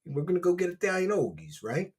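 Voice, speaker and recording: A man's voice: high voice, huge pitch swings, fast, darkish tone, husky. A man hosting a livestream, chatting casually and reading donations in a brash, mocking, foul-mouthed way. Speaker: livestream show host.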